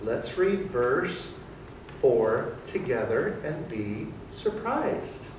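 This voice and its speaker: A man leading an interactive Bible study for a small group, teaching in an animated, theatrical way. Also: mid-range voice, extremely slow, background noise. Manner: animated and theatrical, acting out voices. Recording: echoey room from far off.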